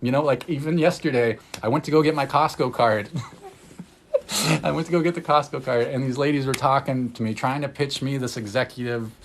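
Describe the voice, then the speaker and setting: A man, an energy healer, talking in a casual, rambling livestream chat, candid and excitable, swearing freely and laughing often. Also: medium pitch, brisk, slight background noise. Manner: loose rambling talk full of "like". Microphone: phone livestream.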